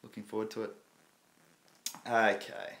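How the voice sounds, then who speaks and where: An Australian-accented man in his thirties hosts a casual crypto live stream, chatting loosely with viewers. His lowish voice is monotone and fairly bright at a measured pace, and his style is laid-back and slangy with frequent laughs.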